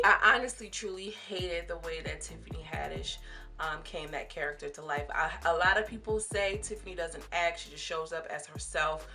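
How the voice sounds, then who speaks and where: A woman's voice: fairly low pitch, bright, forceful tone. A young woman vlogger giving chatty, emphatic commentary on a series and talking straight to her viewers. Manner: chatty and emphatic, addressing viewers as sis and girl. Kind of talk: casual commentary.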